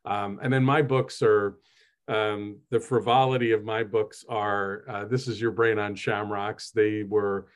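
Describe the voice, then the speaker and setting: A man's voice: lowish voice, level tone, a little slow. A man from New Jersey, a host and author, telling stories in a casual, chatty, self-deprecating way with many fillers. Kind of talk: casual conversational storytelling.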